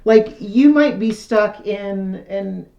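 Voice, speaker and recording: A woman doing a casual tarot reading, chatty and self-deprecating, her voice still a little hoarse after losing it. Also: mid-range voice, takes it slowly, mellow, roomy sound, muffled recording. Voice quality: slightly hoarse, recovering from lost voice. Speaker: tarot reader. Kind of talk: casual tarot reading, reading card texts aloud.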